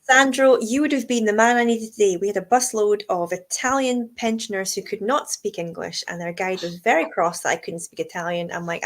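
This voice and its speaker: A woman's voice: medium pitch, fairly quick, few pauses. A woman with an Aberdeenshire Scottish accent, co-hosting a casual live chat and laughing often as she talks. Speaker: co-host, whisky tour guide.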